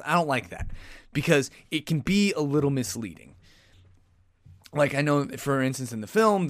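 A man's voice: medium pitch, no room sound, studio quality. A man hosting a podcast, giving a casual solo commentary that rambles, with sighs, restarts and self-corrections. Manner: says he is aggressive and in your face. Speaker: podcast host.

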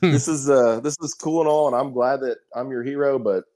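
A man's voice: medium pitch, fairly quick, mellow. A middle-aged man, a guest firefighter captain, talking casually on a podcast over a remote call, rambling with many restarts and fillers.

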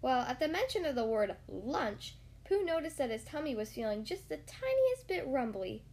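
A woman reading a children's storybook aloud in a lively, sing-song manner, doing the voices. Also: sits high, moderate pace.

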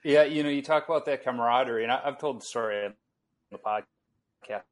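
A man's voice: mid-range voice, fairly quick. A man from Chicago hosting a podcast, chatting and telling stories conversationally. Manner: conversational, relaxed storytelling. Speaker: podcast host. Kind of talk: casual interview chat.

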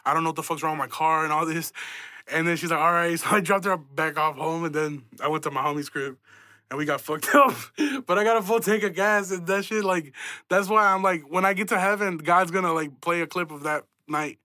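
Here a young podcast host tells stories casually, swearing, poking fun at himself and frequently laughing. He speaks a little high and briskly with a pushed, bright tone, on a dry, studio-quality recording.

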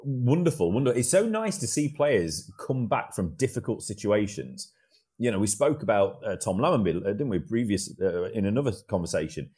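A man's voice: fairly low pitch, sing-song, brisk, warm tone, breathy edge. A man co-hosting a cricket podcast, reflecting in casual chat and drawing on his own playing experience. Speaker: podcast co-host.

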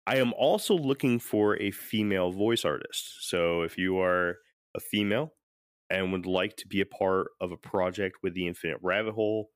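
A man's voice: sits low, moderate pace, smooth, dry recording, clean studio sound. A man hosting a podcast in casual chat, rambling and often laughing. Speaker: podcast host.

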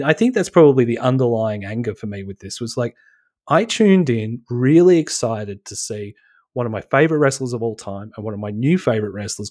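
A man's voice: medium pitch, darkish tone. A man co-hosting a wrestling podcast, ranting heatedly in casual chat and swearing freely. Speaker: podcast co-host.

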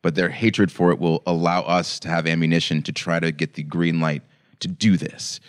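Deep-voiced man in easy chat. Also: moderate pace, clear, resonant tone. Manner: animated storyteller who acts out quotes. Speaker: podcast co-host. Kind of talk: casual chat.

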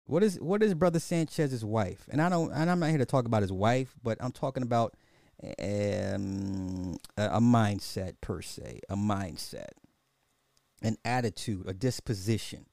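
Podcast host, male, mellow voice in a dry room, needling and repetitive. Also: fairly low pitch, measured pace, vocal fry, no room sound. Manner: repeats rhetorical questions, mocking and chuckling. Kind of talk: casual social commentary monologue.

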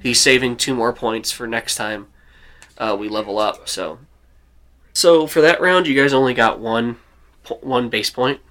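Young man, bright tone, easygoing game master for a tabletop session. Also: medium pitch, moderate pace. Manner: relaxed, many fillers and restarts.

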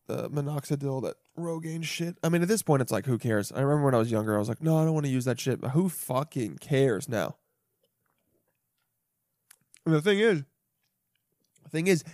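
A young man hosting a solo podcast, chatting casually and profanely, jumping between loud bursts and muttered asides. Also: medium pitch, dry recording, studio quality. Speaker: podcast host. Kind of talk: rambling solo podcast chat.

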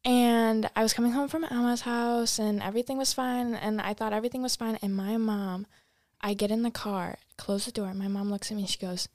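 A young woman chatting as a podcast guest, telling a story with lively acted-out quotes. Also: on the high side, fairly quick, no echo, clean studio sound. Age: young adult. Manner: animated storyteller, acts out quotes. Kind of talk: casual chat.

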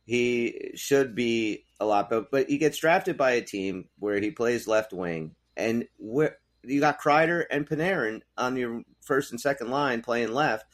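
A man's voice: mid-range voice, unhurried, few pauses. A man co-hosting a podcast, chatting casually about hockey, swearing and laughing easily. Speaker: podcast co-host. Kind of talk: casual sports chat.

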